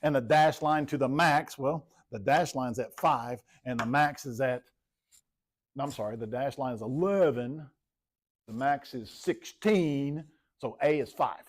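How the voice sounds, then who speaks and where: A man's voice: mid-range voice, unhurried, a little hiss or hum. Guy teaching math in a classroom, laid back, repeats stuff, calls on kids by name. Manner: casual, talks to students by name and repeats himself. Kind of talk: classroom lecture.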